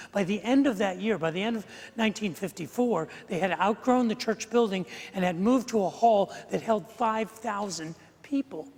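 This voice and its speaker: A middle-aged male pastor delivers his sermon in a light, joking, conversational way. His voice sits fairly high for a man. The sound rings with the long reverb of a church sanctuary. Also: vocal fry. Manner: humorous, conversational preaching.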